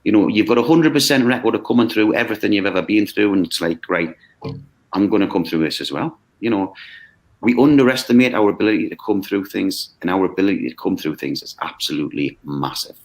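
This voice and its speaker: A man who runs a mindfulness course talks in a lively, conversational way, acting out quoted voices and checking in with "okay?". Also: on the low side, fast. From United Kingdom. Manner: animated, acts out quoted voices, frequent "okay?". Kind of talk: conversational explanation. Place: video call.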